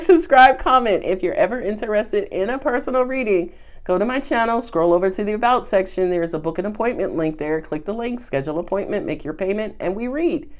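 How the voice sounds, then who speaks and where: A woman giving a casual, chatty tarot reading, animated and quick to laugh. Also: medium pitch. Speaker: tarot reader.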